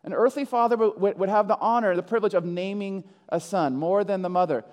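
A man's voice: sits high, fairly quick, a little mellow. A man preaching a sermon, acting out biblical figures in dramatic quoted voices. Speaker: pastor. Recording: long hall reverb.

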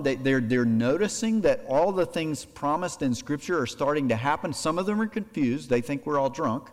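A male pastor giving a sermon, animated, voicing imagined conversations to make his points. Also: on the high side, brisk. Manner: animated preaching, acts out imagined dialogue. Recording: long hall reverb.

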